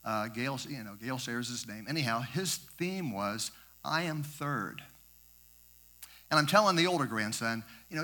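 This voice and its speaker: A man's voice: mid-range voice, expressive, moderate pace, sharp tone. An older man and grandfather, telling a rambling devotional story with many repeats and asides. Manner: rambling, repeats words, self-correcting asides. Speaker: speaker sharing a devotional story. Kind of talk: informal sermon storytelling.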